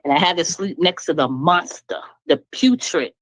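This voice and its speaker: A woman's voice: lowish voice, normal speed, no echo, poor audio. A woman speaking up in an online talk room, venting bluntly and emphatically about her marriage and laughing as she talks. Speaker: caller sharing her story.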